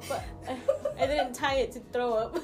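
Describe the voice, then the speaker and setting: A young woman co-hosting a podcast in casual chat, teasing, silly and quick to laugh. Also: high-pitched, steady tone, over music. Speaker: podcast co-host.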